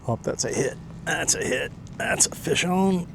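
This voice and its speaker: A man hosting a fishing vlog, talking excitedly to viewers as he fishes outdoors from a kayak. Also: a little high, normal speed, gravelly, few pauses, a little hiss or hum. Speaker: fishing vlogger host. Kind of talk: casual running commentary.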